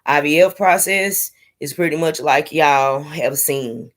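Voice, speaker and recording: A woman's voice: deep voice, unhurried. A young woman in casual live-stream chat, candidly talking to her viewers with sassy asides. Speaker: vlogger sharing her IVF journey.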